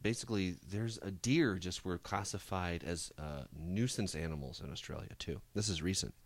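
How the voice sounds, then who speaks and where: A man's voice: low-pitched, normal speed. A man co-hosting a live stream, chatting casually in a loose, joking way with some swearing. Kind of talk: casual banter.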